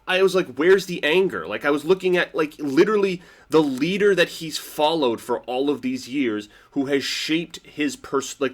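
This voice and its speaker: A medium-pitched man gives a casual reaction review of a TV episode. He rambles, restarts often, and fills his talk with "like," swinging between excitement and quiet.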